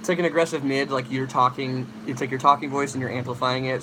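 A man's voice: medium pitch, little pitch movement, fast talker, few pauses, sharp tone, slight background noise, poor audio. A young man casually hosting a livestream, rambling as he answers chat questions about vocals. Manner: casual, rambling, demonstrates screams.

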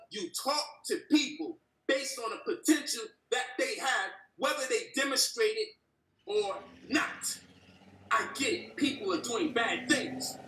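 A man's voice: extremely high pitch, bright, forceful tone. Passionate profane man ranting in echoey room. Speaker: debate guest. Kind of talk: heated debate rant. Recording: echoey room, distant from the mic.

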